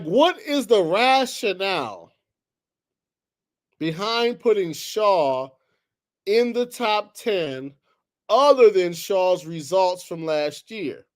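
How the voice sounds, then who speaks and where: Male sports talk host with a high voice, ranting in heated, exasperated bursts. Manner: heated, exasperated, swings between loud outbursts and low muttering. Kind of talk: animated solo sports talk.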